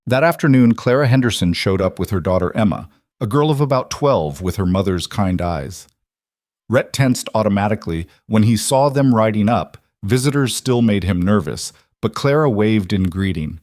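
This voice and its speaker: Man, storyteller, scripted narration, steady and measured, low voice, dry close sound. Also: dry recording.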